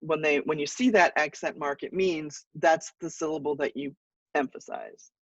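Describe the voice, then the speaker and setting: A fairly high-pitched man lecturing to a class, easygoing and loose, with plenty of ums and restarts. He sounds set back from the mic, and the sound is muffled and dull. The room is dry. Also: normal speed, no echo, recorded from a distance. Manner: relaxed explaining with fillers and restarts. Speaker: college English teacher.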